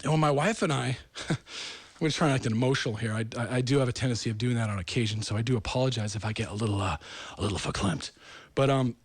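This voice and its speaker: A man's voice: medium pitch, fast talker, slightly rough, no echo. A middle-aged man from the United States hosting his own show, rambling and self-deprecating as he tells stories. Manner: rambling, self-deprecating, animated storytelling with acted quotes. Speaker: host. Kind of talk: casual monologue.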